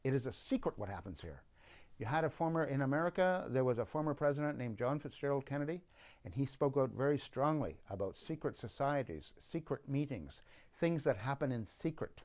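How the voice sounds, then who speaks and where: A man telling a long, rambling story, halting with fillers and restarts. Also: medium pitch. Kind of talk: rambling monologue. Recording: dull lo-fi recording.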